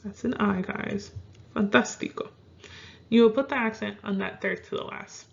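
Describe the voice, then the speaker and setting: A woman teaching a video lesson, calm and clear, slowing down to spell out example words. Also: mid-range voice. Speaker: Spanish teacher. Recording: dull lo-fi sound.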